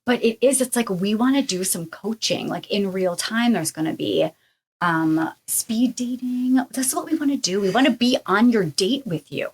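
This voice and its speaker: A woman co-hosting a podcast as a therapist, chatting in a bubbly, enthusiastic way and quick to chime in. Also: mid-range voice, lively intonation, slightly rough. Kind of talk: casual podcast chat. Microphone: remote call setup.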